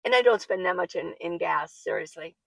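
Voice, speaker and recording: Gravelly-voiced woman chatting about van life. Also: on the low side, animated, fairly quick, fairly bright tone, no room sound, rough recording. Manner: chatty, laughs often, gets worked up. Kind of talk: casual talk to camera, reading viewer comments. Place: living in her minivan.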